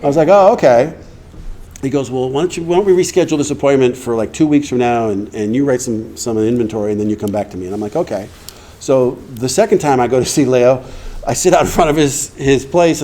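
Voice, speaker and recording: A middle-aged man telling his personal recovery story to a meeting, conversational, acting out the dialogue he quotes and clearing his throat often. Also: mid-range voice, fast, mellow.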